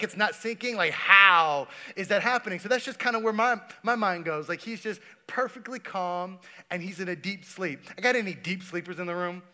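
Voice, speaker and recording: A man's voice: high-pitched, bright, forceful tone. A man preaching a sermon, telling stories in a casual way and talking to the congregation. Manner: casual, storytelling, talks to the congregation. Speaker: pastor.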